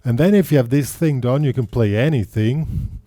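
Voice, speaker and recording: A man teaching guitar, explaining in halting bursts with restarts, counting beats aloud as he plays and checking in with the listener. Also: mid-range voice, no echo. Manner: checks in with the listener after points. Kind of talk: guitar tutorial. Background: loud guitar playing.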